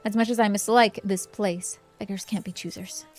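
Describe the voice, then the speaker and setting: Woman reading gruff rebel captain guy, bossy and protective, game music under it. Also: medium pitch, steady tone, normal speed, lightly acted. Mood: stern. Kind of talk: reading game dialogue aloud.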